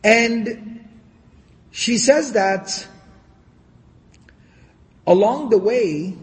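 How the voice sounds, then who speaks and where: Guy giving a lecture in a big echoey hall, high voice, lively and sarcastic. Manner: animated, sarcastic asides, recites Arabic quickly. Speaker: Islamic lecturer. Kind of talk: storytelling lecture. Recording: long hall reverb.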